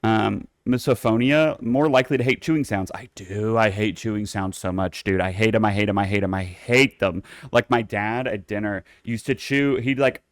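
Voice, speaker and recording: A young man hosting a casual solo podcast, campy and playfully bossy, swearing freely and jumping into high squeals for jokes. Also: normal speed, few pauses, no echo, clean studio sound. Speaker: podcast host.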